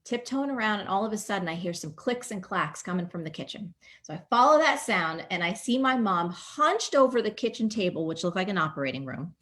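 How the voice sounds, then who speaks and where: A woman in her forties from New Jersey, a guest speaker telling a personal story in a lively, chatty way. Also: mid-range voice, fairly quick, hardly any pauses. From New Jersey, USA. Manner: animated, vivid storyteller, chatty with fillers.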